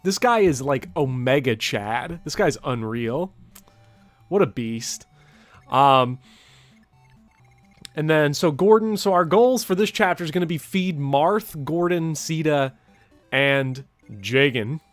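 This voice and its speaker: A young man hosting a let's play, excitable and dramatic, often laughing as he reacts to the game. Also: fairly high pitch, takes it slowly, long pauses, soft background music. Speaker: gaming channel host.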